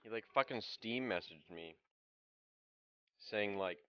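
A young man rants profanely while playing a racing game on stream. His voice sits on the low side, and the recording is dull and lo-fi. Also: slow pace. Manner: profane, ranting. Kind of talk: casual gameplay commentary.

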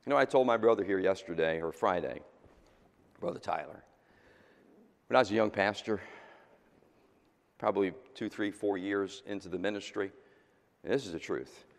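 A middle-aged male pastor preaching a sermon, swinging between loud exhortation and quiet, intimate asides. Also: lowish voice. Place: church sanctuary. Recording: long hall reverb in a church sanctuary.

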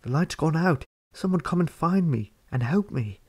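A man's voice: on the low side, big pitch swings, moderate pace, creaky, husky, heavily acted. A man voicing a small, anxious male hobbit burglar in a storybook reading, fretting and calling out for help. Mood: panicked. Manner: fretful, crying out for help.

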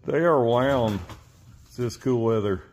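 A man's voice: medium pitch, unhurried, a little mellow, a little hiss or hum. A man filming outdoors on his phone and talking to his pets in a playful, coaxing, laughing way. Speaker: wildlife video maker. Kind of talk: casual talk to animals while filming.

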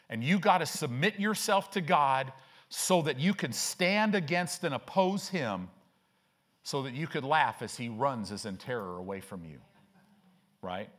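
An older male pastor preaching a sermon, animated, with frequent rhetorical questions. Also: medium pitch.

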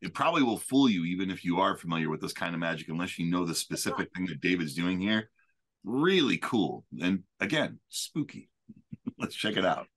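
A man's voice: sits low, very animated, brisk. A man co-hosting a magic web show in casual chat, enthusiastic and often laughing.

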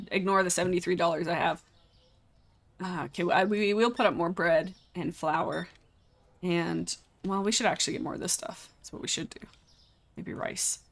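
A woman's voice: fairly low pitch, a bit bright. Chatty young woman streaming a game. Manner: chatty, exclaims often, talks to chat. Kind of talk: casual live game commentary.

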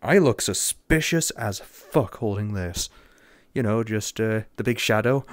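A young English man commenting jokingly and sarcastically while playing a horror game, getting excited easily. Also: fairly low pitch, a little slow, no echo. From England. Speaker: gamer.

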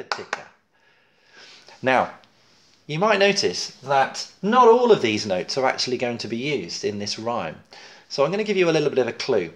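A man teaching a children's music lesson, patiently explaining note rhythms and counting and clapping them aloud. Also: mid-range voice.

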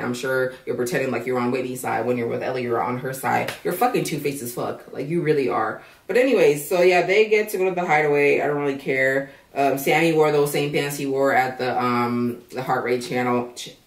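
A woman's voice: low voice, distant mic. Profane ranting woman in an echoey room. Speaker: reality show reviewer. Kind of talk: casual rant.

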